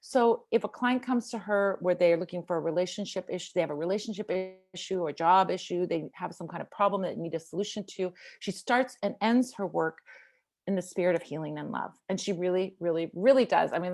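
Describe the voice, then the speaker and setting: A woman's voice: on the low side, fairly quick, a little mellow. Effusive woman hosting a video call. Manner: effusive, enthusiastic praise. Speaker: host. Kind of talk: casual chat on a video call.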